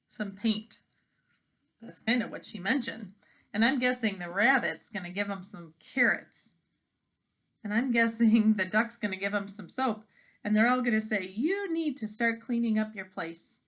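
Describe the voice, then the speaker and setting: A woman teacher reading a picture book aloud to children, pausing to make predictions and ask questions. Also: medium pitch, fairly bright tone.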